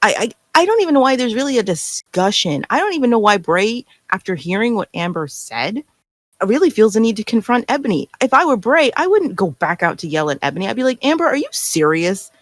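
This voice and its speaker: A woman co-hosting a fan podcast, talking in an animated, exasperated way and acting out characters' lines. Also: fairly high pitch, a little fast, no room sound. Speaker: podcast co-host. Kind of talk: casual fan discussion.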